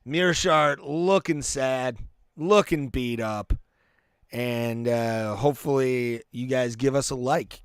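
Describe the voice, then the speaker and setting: A man's voice: medium pitch, slow, smooth, no echo, studio quality. A man hosting a live stream, giving laid-back play-by-play and reactions to fights, with fillers and restarts. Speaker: podcast host.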